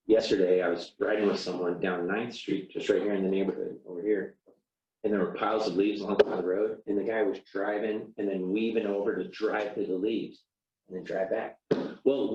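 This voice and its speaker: A low-voiced man lectures to a class in an easy, chatty way and acts out little sample apologies as he goes. He is recorded from across a roomy classroom with a dull, muffled sound. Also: darkish tone, distant mic, slight background noise. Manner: conversational, acts out sample apologies, many "you know"s. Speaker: teacher.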